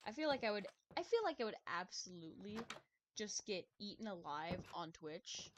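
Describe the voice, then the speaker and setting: A woman's voice: medium pitch, lively intonation, normal speed, a little hiss or hum. A woman streamer chatting casually while she plays a game, rambling, laughing often and cutting herself off to restart her sentences. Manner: rambling, chatty, giggly, many self-interrupting restarts. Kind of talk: casual live-stream chat while gaming.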